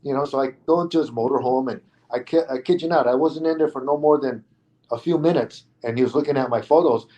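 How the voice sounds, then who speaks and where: On an interview show, a middle-aged stuntman shares a casual story with easy energy, voicing the other people's lines himself. He speaks quickly at a normal mid pitch, and the audio has its highs cut off.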